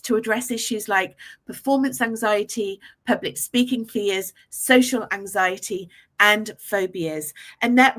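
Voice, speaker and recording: A woman hosting an online summit, giving effusive introductions with a slightly higher voice. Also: fairly bright tone. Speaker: host.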